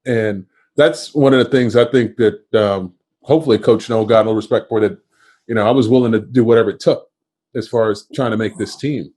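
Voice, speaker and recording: A man's voice: lowish voice, fairly even intonation, brisk, a little mellow. A man in his fifties from Kentucky, a former football player hosting a podcast and telling self-deprecating stories. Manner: self-deprecating storyteller who quotes others. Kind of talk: casual storytelling interview.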